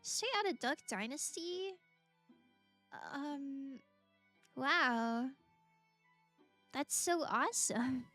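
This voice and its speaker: A giggly young woman chats with her viewers while streaming a game. Her voice is high, bright and sharp. She talks slowly, with wide swings in pitch. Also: animated, soft background music. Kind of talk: casual gameplay chat, reacting to viewers.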